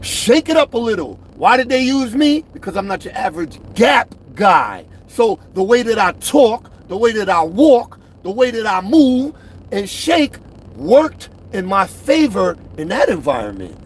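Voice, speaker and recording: A middle-aged man talking straight to camera about himself, emphatic and repetitive, swinging from loud to soft. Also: sits high, sing-song, a little slow, slight background noise. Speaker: truck driver vlogger. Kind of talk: direct-to-camera rant.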